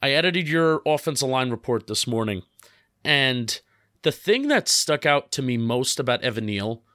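A young man from New Jersey with a mid-range voice, co-hosting a sports podcast. He talks in an upbeat, excited way and rushes through his asides. The recording is dry and close to the mic. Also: mid-range voice, no echo. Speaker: podcast co-host. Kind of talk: casual sports podcast chat.

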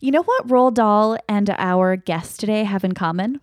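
A woman's voice: mid-range voice, normal speed, dry recording, clean studio sound. A woman co-hosting a podcast in casual, playful chat. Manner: chatty, playful and laughing. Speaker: podcast co-host.

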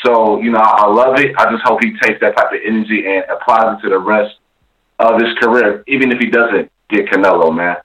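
Low-voiced male caller, loose and chatty, leans on fillers as he talks. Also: steady tone, brisk, a bit bright, low-quality recording. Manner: easygoing, peppers talk with "man" and "you know". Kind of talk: casual call-in chat.

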